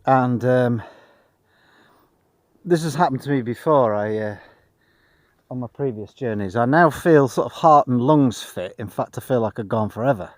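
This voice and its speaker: A tired man on a long cycling trip, talking outdoors in a dry, self-deprecating monotone as a casual travel vlog. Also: mid-range voice, normal speed, long pauses, no room sound. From Britain. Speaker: vlogger.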